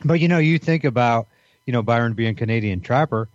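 A man's voice: medium pitch, fairly quick, no room sound, lo-fi sound. A man co-hosting a podcast in casual banter, rambling with many fillers and restarts. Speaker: podcast co-host.

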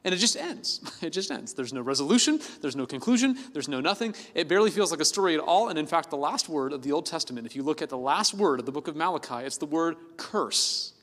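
A man's voice: on the high side, lively intonation, quick pace, hardly any pauses, a bit bright. A male pastor giving a sermon in a conversational, playful way, with plenty of fillers. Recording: long reverb of a big hall.

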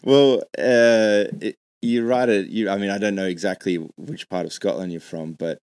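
Aussie podcast host, really deep voice, dry close sound, hesitant and rambly. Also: male voice, fairly even intonation, a little mellow, clean tone, dry recording. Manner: halting, hesitant, lots of restarts and laughter. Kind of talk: casual podcast interview.

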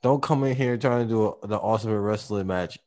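Deep-voiced male co-host, laid-back and rambling, swears a lot. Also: brisk, a little mellow. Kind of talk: casual explicit chat.

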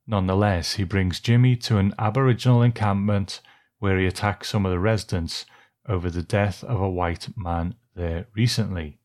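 A man co-hosting a film podcast, easygoing and quick to laugh as he recaps a film's plot. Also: deep voice, fairly even intonation, darkish tone. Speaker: podcast co-host. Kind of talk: casual chat and reading a plot summary.

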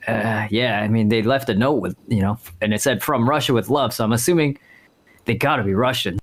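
A man's voice: medium pitch, fairly quick, close to an everyday voice. Man playing a flustered new burger worker. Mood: hesitant. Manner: hesitant, stammering. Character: new, flustered young male fast-food worker. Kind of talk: in-character game role-play interview.

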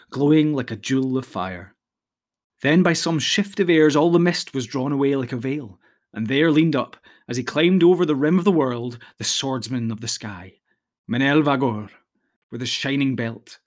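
A man reading a fantasy novel aloud as a measured, even audiobook narrator. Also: mid-range voice. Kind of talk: scripted narration.

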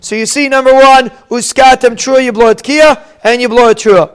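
Man, high clear voice, Ashkenazi Hebrew pronunciation, explanatory Talmud teacher. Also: steady tone, normal speed. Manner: explanatory, mixes Hebrew and Aramaic terms with English. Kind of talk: Talmud lesson, translating Aramaic and Hebrew phrases.

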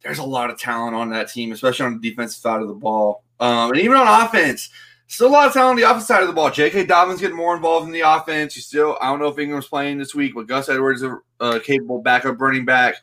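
Bright-voiced man in casual podcast chat. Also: medium pitch, fast talker, few pauses. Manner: relaxed, laughs easily, casual fillers. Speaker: sports betting podcast co-host. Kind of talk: casual sports betting chat.

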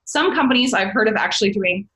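This woman's mid-range voice is animated, quick, pushed and bright, caught on a reverberant, low-quality recording. Guesting on a podcast, she explains astrology in a chatty, rambling way, correcting herself often and addressing the listener as babes.

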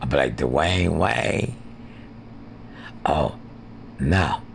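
Gravelly, very deep rambling man. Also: extremely slow, slight background noise. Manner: rambling, profane, jumps into squeaky voices. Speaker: amateur podcaster. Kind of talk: rambling improvised skits. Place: porch outdoors.

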